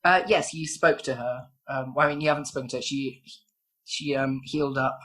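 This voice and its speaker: A woman's voice: a bass voice, brisk, fairly bright tone. A woman narrating as game master, rambling with fillers and giggles.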